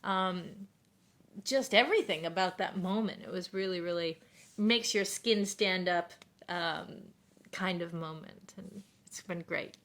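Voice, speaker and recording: A woman's voice: on the low side, unhurried, fairly bright tone. A woman live streamer in casual, rambling chat with her viewers, often stopping to thank them.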